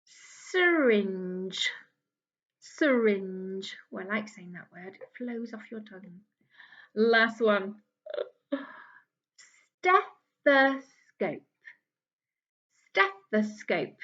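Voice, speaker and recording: Slow, gentle woman teaching phonics. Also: medium pitch, lo-fi sound. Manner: slow, drawn-out enunciation of each word; gentle, encouraging, sing-song. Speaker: early years teacher. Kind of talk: phonics lesson for young children.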